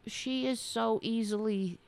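A woman's voice: on the high side, fairly even intonation, unhurried, vocal fry, a little mellow. A woman giving sarcastic commentary as she reads emails aloud, mocking and swearing freely.

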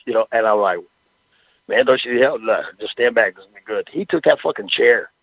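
Older man, raspy, animated, cussing storyteller; dull radio-quality sound. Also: medium pitch, a little fast, no room sound. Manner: profane, rambling storyteller with frequent "you know what I'm saying". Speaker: former pro wrestler, interview guest. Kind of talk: casual storytelling interview.

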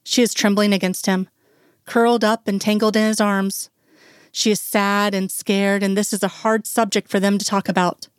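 A woman reads a story aloud in a slow, soft, emotional way. Her voice sits at a middle pitch. The sound is dry and close. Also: level tone, no room sound. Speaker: reader. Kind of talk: reading fan fiction aloud.

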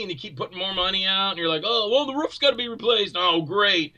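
A man talking as a guest filmmaker in casual chat, an animated storyteller who acts out quoted voices loudly. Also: high voice, fast talker, few pauses, poor audio.

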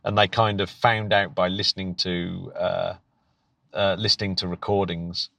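Enthusiastic and prone to stumbling restarts, this British teacher and podcast co-host laughs often during a casual chat. He speaks at a moderate pace in a low, gravelly, bright, forceful voice with little pitch movement. The recording is dry.

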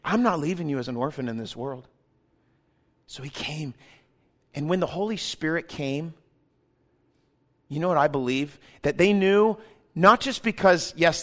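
A man with a high-pitched voice delivers a sermon. He rises to emphatic, forceful peaks and then falls to quiet, intimate passages. He plays out quoted dialogue in a loose, joking tone. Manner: swings from loud and emphatic to hushed and intimate. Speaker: pastor.

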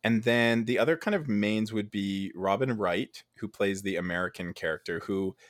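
Low-voiced man chatting casually. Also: moderate pace, no echo, studio quality. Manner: relaxed, hesitant with many fillers. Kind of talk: casual chat.

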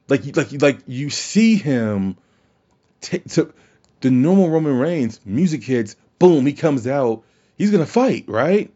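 A man's voice: mid-range voice, big pitch swings, slow, mellow, breathy edge, highs cut off. A man hosting a casual wrestling podcast, talking in an opinionated, rambling way with frequent restarts and some swearing.

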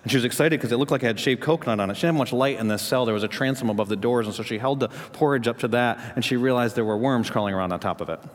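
A man's voice: medium pitch, rapid-fire, few pauses. Male pastor, mid-range voice, sermon delivery in a reverberant sanctuary. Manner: storytelling preacher, rising to emphatic questions. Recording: long hall reverb.

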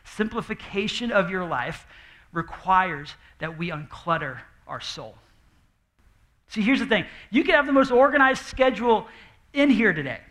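A young man preaching a sermon from a church stage in an animated, conversational way. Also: high voice, moderate pace. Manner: animated and conversational, acting out quoted voices. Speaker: pastor. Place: church stage before a congregation.

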